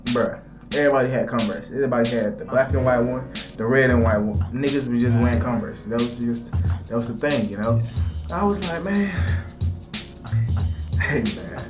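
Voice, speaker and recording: A man's voice: mid-range voice, a little fast, over music. A young man rambling through a slangy, profane story, full of restarts and asides to his viewers. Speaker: storytelling vlogger.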